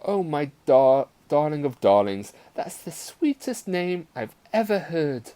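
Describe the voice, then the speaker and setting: A man's voice: medium pitch, expressive, a little slow, mellow, voice pushed up, natural voice. A man reading a story aloud, voicing a doting mother who gushes over her daughter. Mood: gushing. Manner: gushing, syrupy.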